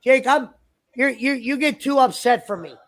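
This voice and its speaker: A man's voice: extremely high pitch, normal speed, fairly bright tone. A man chatting on a livestream in a rambling, argumentative, profane way. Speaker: stream guest. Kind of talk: casual livestream chat.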